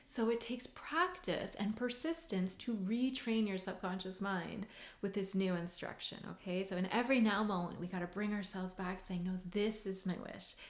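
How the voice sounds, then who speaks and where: Brief: woman coach, conversational and earnest, mid-pitched voice, roomy echo. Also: moderate pace. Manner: conversational, many "like" and "right?" tags, earnest. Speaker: hypnotherapist and mindset coach. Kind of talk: casual teaching monologue.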